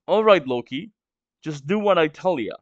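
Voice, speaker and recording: A man's voice: a little high, expressive, normal speed, no echo, lo-fi sound, close to an everyday voice. A stuffy-nosed man reading out a commanding, menacing male pirate captain who gives curt orders. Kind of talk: reading a manga aloud.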